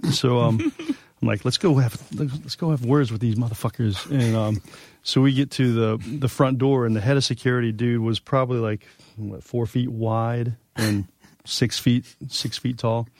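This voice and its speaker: A man's voice: mid-range voice, fairly even intonation, normal speed, darkish tone, dry recording. Profane rambling man telling tour stories. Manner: rambling, profane, many fillers. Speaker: guest musician. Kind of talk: casual storytelling.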